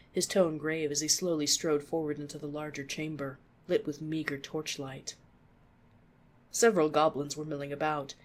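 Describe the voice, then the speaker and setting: A reader narrating fan fiction aloud in a steady, expressive way. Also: mid-range voice.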